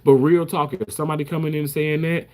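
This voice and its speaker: A man's voice: a little high, flat delivery, brisk, darkish tone. A man who works as a surgical first assist, talking casually to the camera in an emphatic way, repeating himself and swearing freely.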